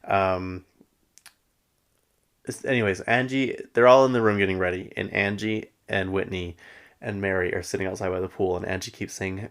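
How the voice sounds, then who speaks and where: A man's voice: sits low, steady tone, moderate pace, a bit bright. A man hosting a podcast, chatting casually and gossipy as he recaps a reality show, laughing often. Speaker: podcast host.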